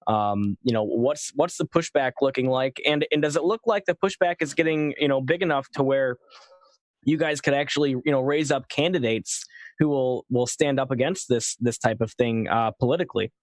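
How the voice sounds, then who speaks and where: A man's voice: mid-range voice, moderate pace, no room sound. A man from the United States hosting a casual discussion, asking rambling questions full of fillers. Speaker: show host.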